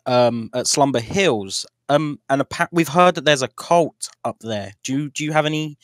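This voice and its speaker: A man's voice: mid-range voice, normal speed. A man playing a tabletop game, speaking hesitantly with lots of ums. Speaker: player. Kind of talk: casual tabletop game chat.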